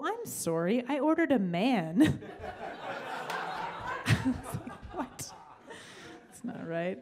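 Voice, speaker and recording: A woman's voice: mid-range voice, darkish tone. A woman doing a stand-up set, telling chatty stories and laughing at her own jokes. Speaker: stand-up comic. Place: small gallery before a live audience.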